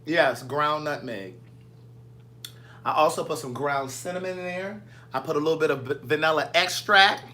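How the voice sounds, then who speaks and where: Man, bright forceful voice, pitched a touch high, easygoing vlogger chatter with viewers. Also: moderate pace, long pauses, slight background noise. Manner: chatty, playful, answers viewer comments. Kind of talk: casual live chat with viewers. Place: home kitchen.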